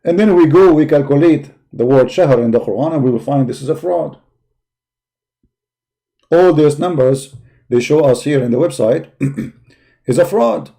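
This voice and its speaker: A man with a fairly high, gravelly, warm voice hosts a live call-in debate stream, speaking at a moderate pace and pausing often. He sounds tired as he mocks and insults his opponents, repeating himself emphatically while searching a website.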